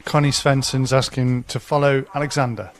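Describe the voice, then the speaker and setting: A man co-hosting a live race stream, dry and relaxed, passing on viewer requests. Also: medium pitch, moderate pace. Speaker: co-commentator. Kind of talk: live sports commentary banter.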